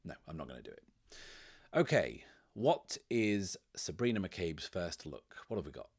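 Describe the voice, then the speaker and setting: Deep-voiced man narrating a solo game. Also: normal speed, slightly rough. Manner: relaxed, descriptive storytelling that drifts into thinking aloud. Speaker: solo game master and host.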